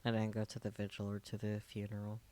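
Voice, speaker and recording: Low-voiced male streamer reading aloud. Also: monotone, fast talker, warm tone. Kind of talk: reading a visual novel aloud with asides.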